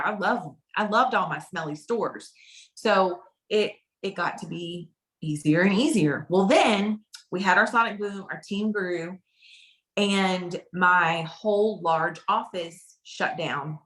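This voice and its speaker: Woman, fairly low voice, casual storytelling, chatty, repeats herself for emphasis. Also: fairly bright tone. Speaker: direct sales consultant.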